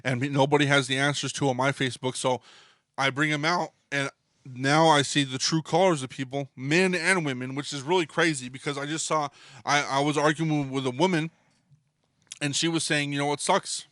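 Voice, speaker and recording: A man's voice: fairly high pitch, steady tone, normal speed, fairly bright tone, no echo, clean studio sound. A man co-hosting a podcast, ranting heatedly in casual talk and swearing constantly. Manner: swears constantly, fired-up and emphatic. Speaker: podcast co-host.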